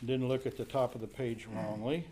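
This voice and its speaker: A man's voice: mid-range voice, steady tone, moderate pace, mellow, a little hiss or hum. A man teaching a Bible study class, explaining scripture conversationally while thinking aloud. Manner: thinking aloud with fillers and restarts, paraphrasing scripture.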